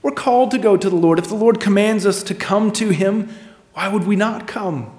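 A male pastor preaching a sermon, speeding up and dropping to a hush as he acts out the voices of the story. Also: high voice, normal speed. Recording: echoey hall.

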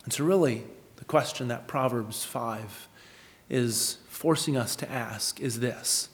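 Preacher guy giving a sermon, kinda high voice, earnest and emphatic, big echoey church sound. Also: animated, normal speed. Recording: long hall reverb.

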